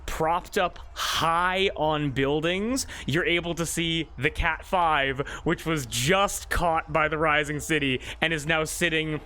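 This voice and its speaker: A man's voice: on the high side, slow pace, few pauses, bright, forceful tone. A man narrating a tabletop game as game master, rambling with many fillers.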